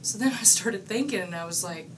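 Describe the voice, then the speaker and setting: A woman in her forties telling a lively workplace anecdote, acting out the quoted lines. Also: mid-range voice, fairly quick. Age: 40s. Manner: animated storytelling, acts out quoted lines. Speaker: coworker giving a tribute. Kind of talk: casual anecdote. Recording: distant mic with noticeable room noise.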